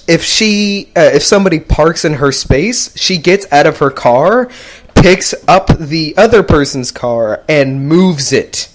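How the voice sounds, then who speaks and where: A man's voice: a little high, lively intonation, unhurried. A young man hosting a casual gaming podcast, rambling and laughing as he goes. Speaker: podcast host. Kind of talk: casual chat.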